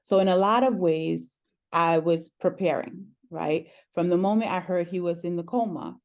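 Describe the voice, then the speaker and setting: A woman talking through a personal story in conversation, earnest and reflective, often pausing with "um". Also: on the low side. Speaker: podcast host sharing her story as guest.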